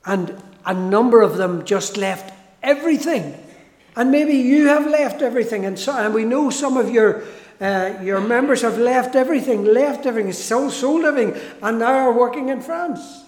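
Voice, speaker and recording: A man preaching a sermon, slow and emphatic, who repeats key phrases for weight and restarts his sentences. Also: very high-pitched, a little mellow. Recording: echoey hall with long reverb.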